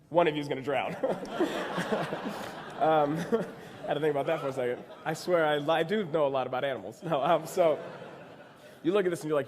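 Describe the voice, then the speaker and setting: A young man from Texas speaks in a slightly high voice, telling a personal story to a conference audience. His delivery is animated and self-deprecating, with quick acted-out quotes. The sound rings with a long hall reverb. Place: large convention hall.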